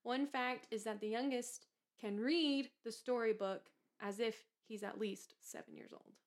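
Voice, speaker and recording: A woman's voice: on the high side, measured pace. A woman co-hosting a casual chat, playfully reading out movie trivia and laughing along. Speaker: podcast co-host.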